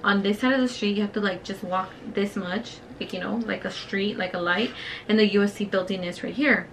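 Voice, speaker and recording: A young woman tells a story as she does her makeup, swearing freely and using lots of fillers. Her voice sits at an ordinary middle pitch. She is close to the camera mic, with a faint noise behind her. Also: brisk, poor audio. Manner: profane, filler-heavy, animated storytelling. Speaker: beauty vlogger. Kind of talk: casual storytime while doing makeup.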